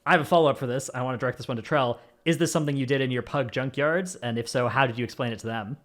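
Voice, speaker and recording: A man's voice: mid-range voice, racing. A man hosting a gaming podcast, reading out supporter names in an easygoing way with jokey asides. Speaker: podcast host. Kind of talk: casual gaming podcast chat.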